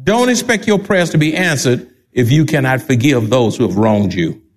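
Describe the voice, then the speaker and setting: A man's voice: medium pitch, lively intonation, normal speed. An older man with a Texan accent, a pastor preaching a sermon emphatically and repeating key phrases.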